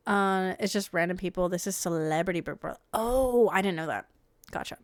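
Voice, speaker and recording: A woman's voice: on the low side, fairly quick, no room sound. Chatty young woman, dry close mic. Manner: chatty, swears freely, drops to quiet mumbled asides. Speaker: streamer reacting to reality show clips. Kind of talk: casual reaction commentary.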